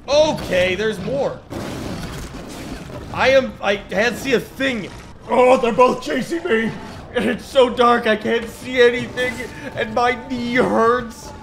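A man giving jokey, excitable commentary while playing a video game, yelping and shouting when he panics. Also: sits high, gravelly. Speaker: gaming YouTuber. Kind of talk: gameplay commentary. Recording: game music behind voice.

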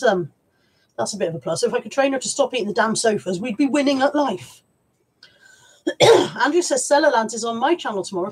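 A woman's voice: medium pitch, slightly rough. A woman, hosting a casual livestream from home, chatting informally with viewers, reading out their comments and swearing now and then. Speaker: livestream host. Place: at home with piles of stuff around her.

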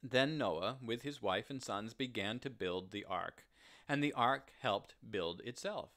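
A man reading a story aloud in a slow, deliberate, gentle telling. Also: on the low side. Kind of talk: read-aloud story narration.

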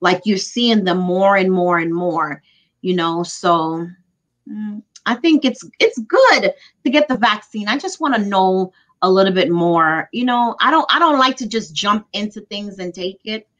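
A woman in her forties co-hosting a casual chat, tossing in quick quips and short agreements. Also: medium pitch, expressive, fairly bright tone. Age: 40s.

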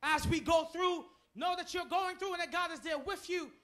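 A man preaching an impassioned sermon in a church, shouting repeated declarations. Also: very high voice, normal speed.

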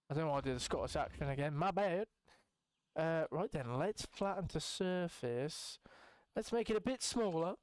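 A young man giving casual, rambling let's-play commentary as a gaming channel host, excitable and swearing freely. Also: on the high side, moderate pace, smooth, no room sound. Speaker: gaming YouTuber.

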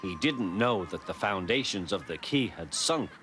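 A man narrating a children's storybook tale in a gentle, lively manner. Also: deep voice, normal speed, background noise. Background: background music.

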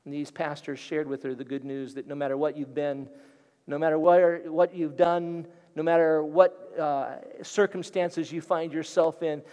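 High-voiced male pastor telling stories. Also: moderate pace. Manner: animated, vivid storyteller. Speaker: guest pastor. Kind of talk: storytelling sermon. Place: church sanctuary. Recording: long hall reverb.

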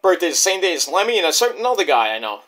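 An excitable man rambles through a casual review monologue and swears freely. His voice is high and bright. Its pitch swings around constantly. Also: rapid-fire. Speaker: wrestling show reviewer.

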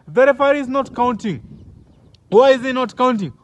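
A young man with a Kenyan accent giving excited, comedic play-by-play commentary on wrestling, exclaiming and repeating himself. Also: very high voice, moderate pace, muffled recording.

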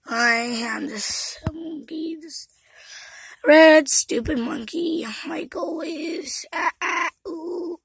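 Silly bored red toy monkey, put on by a girl, very high-pitched, slow, drawn-out lines. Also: no echo, exaggerated voice, rough recording. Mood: playful.

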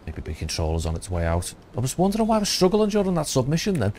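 A man's voice: mid-range voice, huge pitch swings, fast talker, darkish tone, slight background noise. A man from around Liverpool giving casual gameplay commentary, rambling, thinking aloud and swearing. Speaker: gaming youtuber.

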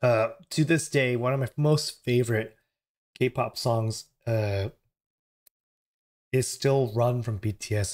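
Hoarse man rambling on a reaction channel. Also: mid-range voice, fairly even intonation, slow pace, pauses often, darkish tone. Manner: rambling and self-correcting, apologetic. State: hoarse, recovering from illness. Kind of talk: casual reaction chat. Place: at home late while the household sleeps.

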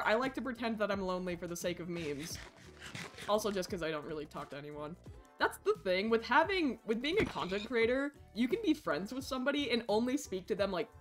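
A woman streaming a survival game live, chatting with viewers and yelling at the game, swinging from low mumbles to shrieks.

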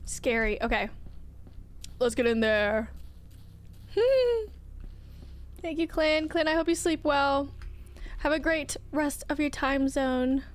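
A woman's voice: high-pitched, measured pace. Chatty young woman livestreamer. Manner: chatty, soft, gushing and sing-song. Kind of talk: casual chat with viewers while gaming.

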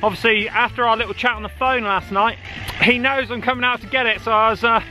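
A man's voice: extremely high pitch, steady tone, fast, bright, forceful tone, soft background music. A man, chatting casually while out cycling, joking and swearing freely. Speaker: cycling vlogger. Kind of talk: casual chat while riding. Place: outdoors on a bike on country roads. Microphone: action camera on the bike.

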